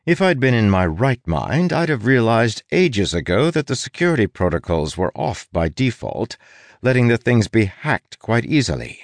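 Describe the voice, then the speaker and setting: Wry, expressive male audiobook narrator. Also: mid-range voice, normal speed, no room sound.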